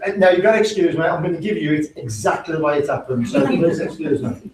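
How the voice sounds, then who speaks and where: Animated man telling a story. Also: a little high, fast, echoey room, far from the mic, a little hiss or hum, poor audio. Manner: animated, profane, laughing. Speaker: motivational speaker. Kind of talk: storytelling talk to a live audience.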